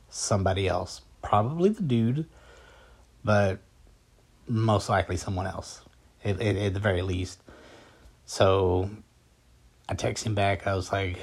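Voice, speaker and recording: A man with a fairly low voice tells a personal story in a loose, conversational way. He talks in a calm, matter-of-fact tone and often circles back with fillers and restarts. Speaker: vlogger recounting a personal story.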